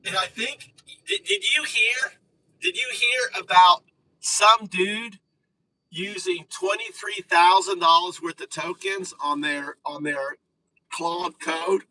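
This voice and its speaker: A man in a casual live stream with a high, very bright voice that comes across as excitable and loose. He swears freely and keeps restarting his sentences. He sounds set back from the phone mic. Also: takes it slowly, distant mic, low-quality recording.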